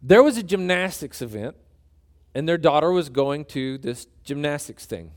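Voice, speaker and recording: Animated, high-voiced pastor. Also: male voice, normal speed. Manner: animated, joking, emphatic storytelling. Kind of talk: sermon.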